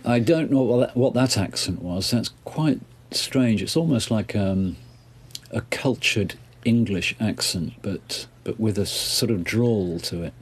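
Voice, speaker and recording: A man's voice: fairly low pitch, unhurried, slightly rough. A man hosting a casual chat, introducing pieces and thinking aloud with hesitations. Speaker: host.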